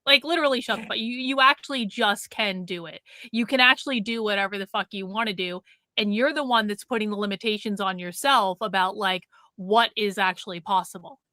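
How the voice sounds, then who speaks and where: A woman's voice: mid-range voice, a little fast, sharp tone, no echo. A woman hosting a livestream, talking in a blunt, emphatic way with frequent swearing. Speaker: livestream host. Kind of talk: casual livestream chat.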